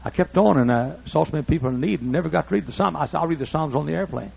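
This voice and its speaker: Gravelly older preacher. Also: male voice, on the high side, expressive, rapid-fire. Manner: folksy, acts out dialogue in raised voices. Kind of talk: storytelling sermon. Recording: muffled lo-fi recording.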